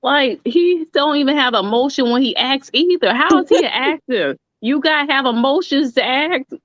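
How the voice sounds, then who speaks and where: A woman's voice: sits high, expressive, normal speed, fairly bright tone, dry recording. A woman co-hosting a podcast in casual group chat, speaking frankly. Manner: frank, laughs easily. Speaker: podcast co-host. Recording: dry, dull lo-fi call audio.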